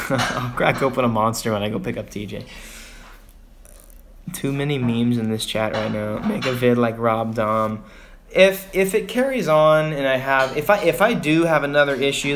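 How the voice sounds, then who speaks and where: A young man from Texas talks to his livestream viewers in a loose, rambling way. He sighs often and circles back to his frustration. His voice sits at an ordinary middle pitch. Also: background noise. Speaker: vlogger on a livestream. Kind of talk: casual livestream venting.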